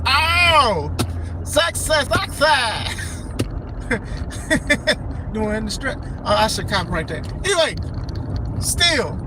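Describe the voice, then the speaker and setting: A man with a very high voice talks wrestling in a casual, animated way, leaning hard on his points and repeating phrases for emphasis. Clear steady noise sits behind him throughout the recording. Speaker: podcast host.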